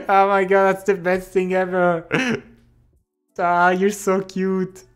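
A man's voice: sits high, completely flat delivery, clear, resonant tone, faint music behind. A young man with a French accent, a live streamer chatting casually and reading comments, laughing often and teasing playfully. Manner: laughs often, playful and teasing, speaks English with pauses and restarts. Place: home streaming setup.

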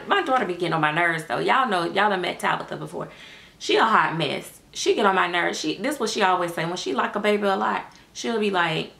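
Sassy, chatty woman with a gravelly voice. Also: medium pitch, bright, forceful tone. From United States. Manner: chatty, sassy, talks straight to viewers as y'all. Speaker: doll-making vlogger. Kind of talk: casual chat to camera.

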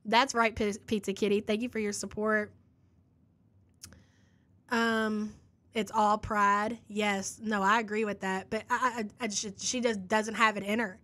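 A woman's voice: medium pitch, level tone, measured pace, fairly bright tone. A woman hosting a live reaction podcast, reading chat messages and making sarcastic remarks. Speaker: commentary podcast host.

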